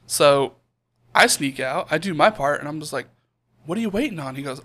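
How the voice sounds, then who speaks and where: Young male podcast co-host, lively storyteller doing voices, a bit higher than most men. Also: brisk. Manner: animated storyteller acting out quotes. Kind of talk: casual storytelling.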